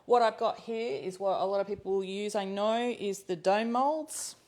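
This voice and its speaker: A woman's voice: moderate pace, darkish tone, a little hiss or hum. A woman hosting a live cooking class from her kitchen, talking casually as she works, thinking aloud with ums and laughing easily. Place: home kitchen. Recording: low-quality livestream audio.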